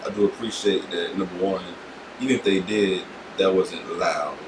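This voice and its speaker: A man's voice: low-pitched, steady tone, normal speed, reverberant, recorded from a distance, noisy background. A man hosting a reaction video, talking casually and hesitantly with many fillers.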